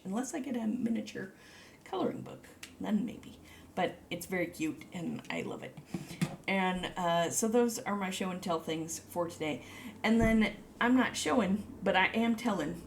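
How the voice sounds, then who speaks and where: A woman rambling through a casual show-and-tell vlog, gushing in a high voice and dropping to whispers over cute little things. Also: expressive, unhurried, creaky, a little hiss or hum. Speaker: vlogger.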